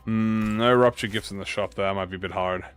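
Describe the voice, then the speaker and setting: A young man giving casual let's-play commentary, excitable and slangy, swearing freely as he thinks out loud. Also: on the low side, fairly quick, smooth. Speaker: gaming YouTuber. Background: faint game music.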